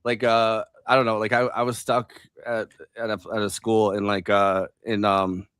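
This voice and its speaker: Halting, low-voiced man. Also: flat delivery, fairly bright tone, smooth, dry recording, studio quality. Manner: halting, filler-heavy speech. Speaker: stream co-host. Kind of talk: casual chat.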